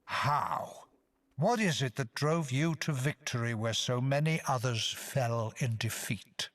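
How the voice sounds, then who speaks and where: An actor playing a mysterious hooded male stranger who speaks in slow, measured, ominous riddles. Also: mid-range voice, fairly bright tone. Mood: cryptic.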